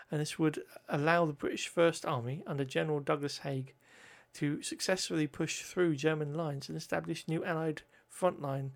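A man's voice: a little high, creaky. A man reading history notes aloud, often stumbling over words, correcting himself and adding joking asides.

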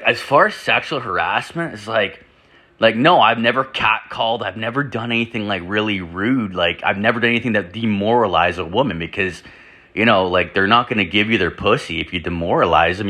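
A man telling crude stories in a casual ramble, swearing constantly and filling every pause with "like". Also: lowish voice. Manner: rambling, profane, full of "like" fillers; animated, jumps into acted-out quotes. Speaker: podcast host.

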